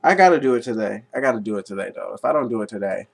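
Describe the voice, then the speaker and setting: A man's voice: on the low side, expressive, very fast, creaky, slightly rough. A young man rambling and joking in a casual vlog. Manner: goofy, joking, rambling asides. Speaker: vlogger.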